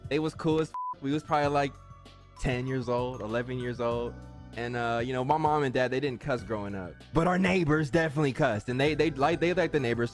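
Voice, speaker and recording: A young man telling funny personal stories in a casual, slangy way, acting out what people said. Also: mid-range voice. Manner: animated, slangy, acts out quotes. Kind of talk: casual storytelling.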